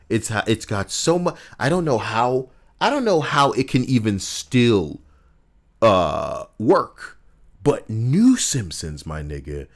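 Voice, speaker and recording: A man chatting casually on a game livestream, profane and rambling. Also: lowish voice. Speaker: game streamer.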